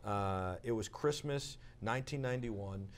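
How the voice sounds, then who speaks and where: A man hosting a talk show, chatting casually in an eager, halting way. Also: fairly low pitch, slight background noise. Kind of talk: casual interview chat.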